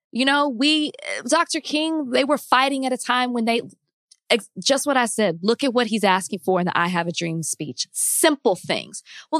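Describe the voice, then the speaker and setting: A woman's voice: mid-range voice, fairly bright tone, no echo, clean studio sound. Passionate, earnest woman. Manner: passionate, earnest, laughs easily. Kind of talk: casual discussion.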